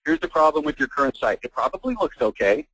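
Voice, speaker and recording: A man giving a fired-up, blunt sales pitch as host of a marketing webinar on an online call. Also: sing-song, fast talker, fairly bright tone, slightly rough, no room sound, low-quality recording. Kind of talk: persuasive sales presentation.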